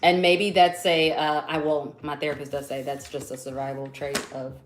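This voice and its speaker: Woman, low voice, blunt playful podcast chat, echoey room. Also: flat delivery, normal speed. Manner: blunt, playful, laughs often. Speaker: podcast co-host. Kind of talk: casual chat.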